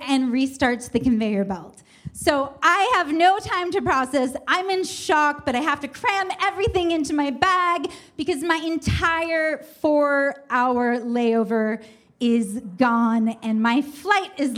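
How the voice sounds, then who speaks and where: High-voiced woman telling a comic story. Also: a little slow. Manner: animated, self-mocking, vivid comic retelling. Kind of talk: comic personal story told to an audience.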